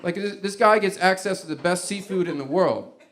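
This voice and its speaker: Rambling stand-up comedian, slightly high. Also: male voice, moderate pace, fairly bright tone. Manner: rambling, conversational storytelling.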